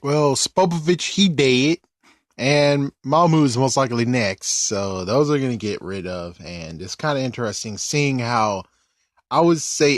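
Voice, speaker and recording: A man's voice: mid-range voice, dry recording, studio quality. A man giving casual, rambling commentary on an anime episode, often correcting himself mid-sentence. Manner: rambling, animated, self-correcting.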